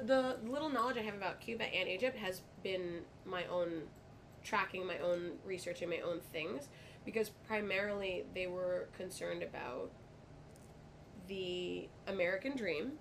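A woman's voice: medium pitch, fairly bright tone, slight background noise. A woman working as a bartender, chatting candidly and bluntly as a podcast guest. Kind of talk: casual interview chat.

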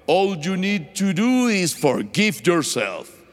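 A man's voice: high-pitched, very animated, slow, in a large hall, full character voice. Blunt, wry God voice, a man doing it. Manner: blunt, dry.

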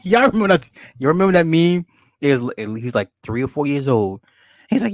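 A man's voice: on the high side, normal speed, dry recording, clean studio sound. Rambling, profane man streaming from home. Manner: rambling, profane, laughs often, talks to viewers. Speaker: livestream host. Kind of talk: casual livestream chat, reading comments.

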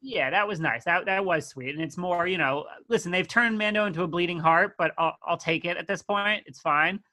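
A man's voice: high voice, a little fast, sharp tone. A man co-hosting a casual review podcast, blunt and sarcastic, critical of the writing. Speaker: podcast co-host reviewing a TV episode. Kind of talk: casual chat.

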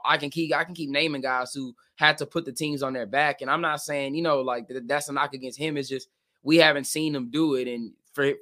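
A man's voice: medium pitch, bright, forceful tone. A man co-hosting a casual sports podcast, blunt and emphatic, often repeating words as he makes his case. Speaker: co-host.

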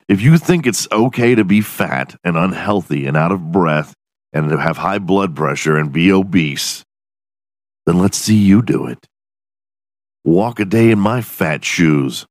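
A man's voice: low-pitched, unhurried, dry recording, studio quality. A man hosting a podcast alone in his room, delivering a profane, self-mocking comedic rant. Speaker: podcast host.

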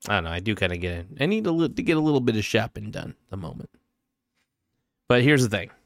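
A man's voice: fairly low pitch, big pitch swings, fast, no room sound, clean studio sound. A man musing aimlessly and offhandedly to camera in a rambling solo vlog monologue.

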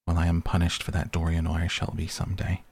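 A man's voice: low-pitched, completely flat delivery, fast talker, vocal fry, a little mellow, breathy edge, no echo, exaggerated voice. A man reading the part of an earnest, grieving male painter in a sleep story, speaking in a pleading, reproachful way. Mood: pained, reproachful.

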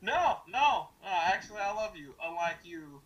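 A podcast co-host with a high voice for a man, full of sarcasm. His pitch leaps around as he fires back with mock outrage during casual banter. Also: sing-song, normal speed, a bit bright, lo-fi sound.

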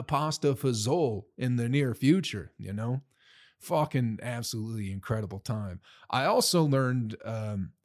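A man telling stories in a casual, rambling monologue, full of swearing, recorded in a room at home. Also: medium pitch. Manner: profane, rambling and laid-back. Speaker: touring comedian recapping shows.

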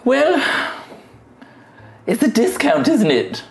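A woman's voice: fairly high pitch, wildly swooping pitch, slow pace, gravelly, a little mellow, a little hiss or hum. Woman with a wildly swooping voice. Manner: theatrical, swooping, laughing. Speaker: player. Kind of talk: in-character role-play.

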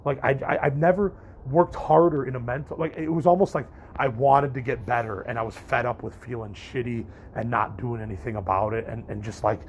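A man's voice: mid-range voice, steady tone, brisk, few pauses, slight background noise. A young man vlogging in a candid, rambling monologue to his viewers, swearing freely and restarting his sentences as he goes. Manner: candid, profane, rambling with frequent restarts and fillers. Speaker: vlogger and podcaster.

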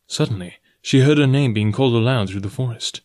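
A man narrating a classic adventure novel in a measured, even storytelling voice. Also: medium pitch, no room sound, clean studio sound. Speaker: audiobook narrator. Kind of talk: scripted narration.

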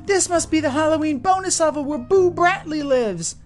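A woman's voice: sits high, normal speed, darkish tone, faint music behind, voice pushed up, natural voice. A woman voicing a bold, spunky young girl racer in a storybook reading. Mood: excited.

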